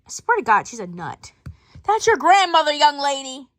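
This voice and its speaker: A woman's voice: sits high, big pitch swings, moderate pace, no room sound, studio quality. A woman telling a playful family story, switching between many character voices. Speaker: storyteller voicing a family skit. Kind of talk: playful family role-play.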